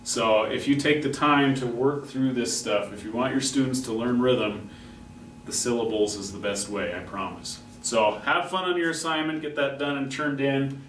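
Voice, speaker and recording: A man's voice: medium pitch, normal speed, fairly bright tone. A man teaching a music class, patiently explaining and chanting rhythm syllables at a chalkboard. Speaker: music instructor. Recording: echoey classroom, distant mic, faint noise.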